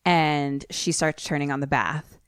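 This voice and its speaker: A young adult woman co-hosting a podcast, retelling a film plot in a casual, animated way. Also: low-pitched, a little slow, smooth, no echo, studio quality. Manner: animated storytelling, acts out quoted lines. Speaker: podcast co-host.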